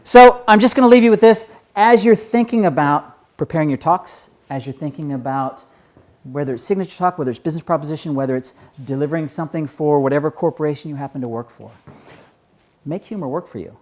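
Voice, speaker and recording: A man's voice: a little high, fast talker, darkish tone. Conversational man coaching on stage. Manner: conversational, often seeks nods with "right?". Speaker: public speaking coach. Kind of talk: keynote talk to an audience. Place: stage before a live audience.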